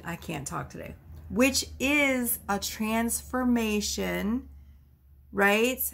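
Gravelly-voiced woman doing a casual tarot reading. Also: mid-range voice, fairly bright tone. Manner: chatty, laughs often, swears casually. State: out of breath. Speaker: tarot reader. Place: at home.

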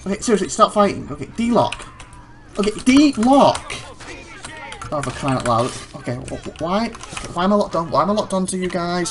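A man hosting a let's play, commenting live and exclaiming in frustration at the game. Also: on the high side.

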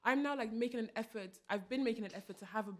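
Fast-talking woman. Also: on the high side. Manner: animated, restarts often, quotes her mum in voices. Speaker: podcast co-host. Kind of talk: casual chat.

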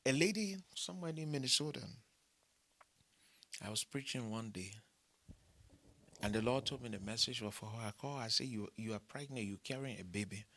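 Preacher man with husky, bright voice. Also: medium pitch. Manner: storytelling preacher who mixes humor with appeals for money; repeats short phrases for emphasis. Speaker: pastor. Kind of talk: sermon.

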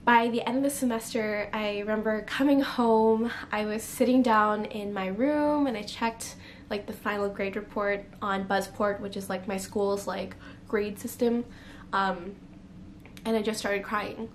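A young woman shares an emotional, candid story on camera for her confessional vlog, filling it with fillers and coming near tears at points. She has a mid-range, steady-toned voice at a measured pace, and slight background noise is audible.

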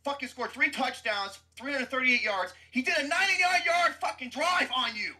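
A man hosting a podcast, ranting about football in a loud, cursing, mocking way. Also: very high-pitched, normal speed. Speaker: podcast host. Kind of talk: profane sports rant.

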